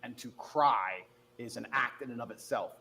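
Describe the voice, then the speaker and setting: A man's voice: mid-range voice, sharp tone, slight background noise. A man in his thirties answering interview questions in an assertive, defiant way. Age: 30s. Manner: assertive, defiant, quick-talking. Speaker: interview guest.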